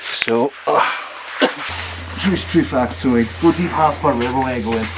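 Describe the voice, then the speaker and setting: Guy coaching jiu-jitsu on the mat, mid-pitch voice, broken-up sentences, lots of "okay?", noisy room. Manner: chatty, checks in with "okay?" often; talks while moving on the mat, halting phrases. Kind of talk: live technique demonstration. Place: training room at a retreat.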